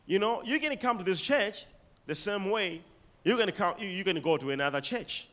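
Malawian guy preaching hard, high voice jumping all over, slows way down on the bible verses. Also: expressive. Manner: emphatic, dramatic swings in loudness and pitch, reads scripture slowly; directs congregation to repeat and underline words. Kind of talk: sermon.

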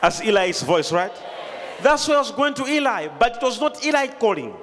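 A man preaching a sermon to a congregation, shouting and calling for responses. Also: very high-pitched, big pitch swings, a little fast. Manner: emphatic call-and-response preaching, often shouting. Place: large hall with a congregation. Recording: reverberant hall, crowd noise behind.

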